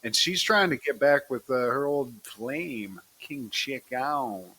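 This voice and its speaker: Bright-voiced man joking on a podcast. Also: medium pitch, a little slow, husky. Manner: profane and joking, keeps addressing his co-host by name. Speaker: podcast co-host. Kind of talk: casual chat recapping a cartoon episode.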